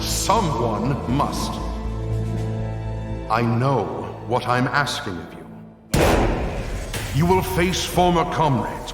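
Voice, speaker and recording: A middle-aged rebel lord in a game cutscene, rallying his soldiers with a grave, stirring speech that moves slowly and swings widely up and down in pitch. His voice sits a little high for a man. Long reverb hangs around it, with music beneath. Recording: echoey hall with music.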